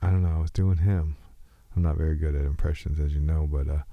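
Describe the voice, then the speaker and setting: A man's voice: rumbling low, fairly even intonation, quick pace, phone-quality sound. A man with a slight Texas twang, rambling loosely and joking at his own expense as he hosts a solo podcast. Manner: loose, joking, meandering, self-mocking. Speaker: podcast host.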